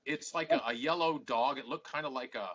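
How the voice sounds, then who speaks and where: A podcast host telling a long, profane story with a sharp, husky edge to his voice. He plays out both sides of every quarrel. The audio is muffled and lo-fi. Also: medium pitch, a little fast. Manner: swears constantly, acts out both sides of arguments.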